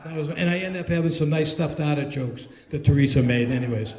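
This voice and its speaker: A man's voice: fairly high pitch, fast. A man telling a story to friends, acting out the lines he quotes. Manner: animated, acts out quoted lines. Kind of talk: casual storytelling. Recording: echoey room.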